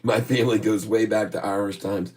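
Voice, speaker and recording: A man's voice: on the low side, steady tone, fairly quick, a little mellow, breathy edge. A man hosting a casual stock-chat livestream, talking in a jokey, rambling way and chuckling often. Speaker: livestream host.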